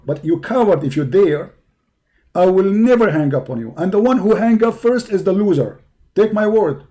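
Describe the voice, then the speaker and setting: A hoarse man hosting a live stream, delivering a combative, mocking rant that taunts his opponents. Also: high-pitched, warm tone. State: hoarse from hours of talking.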